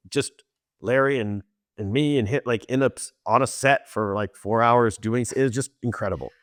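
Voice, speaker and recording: A middle-aged man recalls work stories as a podcast guest. His voice sits at an ordinary pitch, and he talks with bursts of animation, frequent laughter and plenty of false starts. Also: no echo, clean studio sound. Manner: animated, laughs often, many restarts and fillers. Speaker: TV director and writer, guest. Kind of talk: casual interview storytelling.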